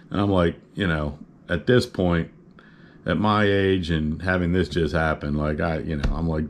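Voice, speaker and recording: A man's voice: deep voice, normal speed, a little hiss or hum. A man telling a personal story in a casual, rambling, good-humored way, full of "uh" and "you know".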